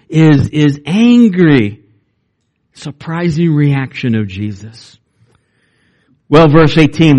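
Man preaching, higher-pitched voice. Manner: conversational, with fillers and restarts; pitch climbs when he reads or retells. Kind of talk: sermon.

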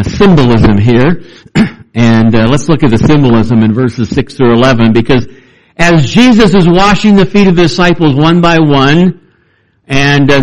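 A man preaching a sermon as pastor, reading scripture and talking it through with lively emphasis. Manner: animated, acts out quoted voices with rising pitch.

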